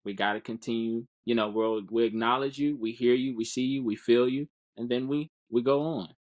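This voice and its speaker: A man's voice: mid-range voice, steady tone, a little fast, a little mellow. A man speaking as a guest in a casual podcast interview, earnest and encouraging, often repeating words while he finds them.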